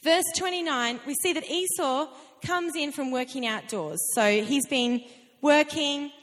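A woman preaching a sermon in a conversational, animated way, with laughing asides. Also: sits high, a little slow. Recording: long reverb of a hall.

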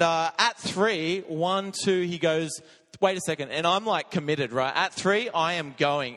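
A man preaching in a church, telling a lively story with frequent laughter. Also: on the high side. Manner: energetic storytelling, laughs often. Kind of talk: sermon. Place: church hall. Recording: long echo of a church hall.

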